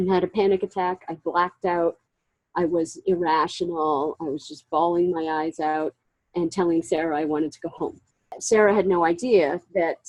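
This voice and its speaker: A woman's voice: lowish voice, breathy edge, dry recording, rough recording. A woman being interviewed, telling a personal story with emotion and acting out past moments with quoted dialogue. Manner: animated, reenacts scenes with quoted dialogue. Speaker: interview guest.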